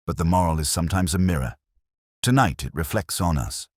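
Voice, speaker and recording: A man reading the lines of an aloof, exacting genius detective in a measured, dryly formal way. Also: low voice, lively intonation, a little mellow, no room sound, studio quality. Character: stout, aloof male genius detective, older. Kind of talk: audiobook character reading.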